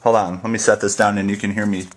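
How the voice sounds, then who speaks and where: A man's voice: lowish voice, little pitch movement, fast talker. A young man from the northern United States, rambling casually and jokingly through a dialect tag and spelling words out. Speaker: YouTube creator.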